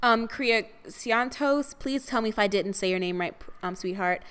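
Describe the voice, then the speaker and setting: A woman's voice: mid-range voice, moderate pace, a bit bright, clean tone. A young woman co-hosting a casual podcast, reading out viewer comments and chatting about them affectionately. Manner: chatty, affectionate, calls listeners "honey". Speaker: podcast co-host.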